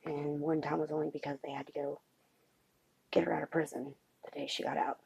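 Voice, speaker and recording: A woman vlogger talking quietly at home late at night so as not to wake anyone, halting and pausing with many fillers. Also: low voice, level tone, creaky, husky, no echo, low-quality recording. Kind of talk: late-night confessional vlog.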